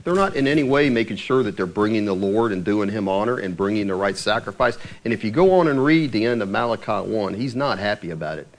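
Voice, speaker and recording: A man's voice: fairly low pitch, animated, fast talker, few pauses. A man preaching in a conversational Bible-teaching style, explaining verse by verse, asking his listeners questions and chuckling now and then.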